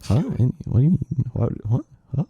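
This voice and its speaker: A man's voice: mid-range voice, very animated, fast talker, warm tone, slightly rough. A man co-hosting a casual podcast while drawing, rambling and laughing often. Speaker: podcast co-host.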